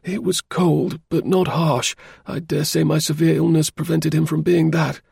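A man voicing an anxious, ailing young male diplomat who speaks in a raised, pleading way, with a husky voice. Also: a little high, little pitch movement, moderate pace, darkish tone, dry recording, clean studio sound, voice pushed up, full character voice.

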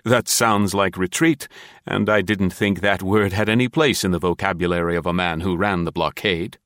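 Man doing shrewd old detective, probing questions, deep voice, dry recording. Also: moderate pace, fairly bright tone, no echo. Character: shrewd older male bald investigator, probing.

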